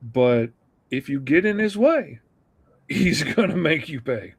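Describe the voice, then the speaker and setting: A man with a higher voice co-hosts a live chat. He talks slowly and pauses often as he hunts for the right words. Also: big pitch swings, slightly rough. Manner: halting, hesitant, searching for words. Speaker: co-host. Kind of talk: casual live-stream chat.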